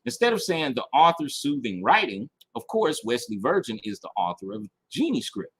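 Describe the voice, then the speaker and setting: A man's voice: medium pitch, big pitch swings, normal speed, breathy edge. A man teaching a casual online marketing lesson. He is emphatic, repeats his key points and keeps checking in with his listeners. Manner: reads review passages aloud and then picks them apart. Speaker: marketing instructor.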